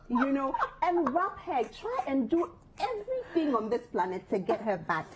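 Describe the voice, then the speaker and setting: A woman's voice: on the high side, very animated, normal speed, noisy background. A Ghanaian woman co-hosting a relationship advice show in a studio, giving teasing, playful counsel.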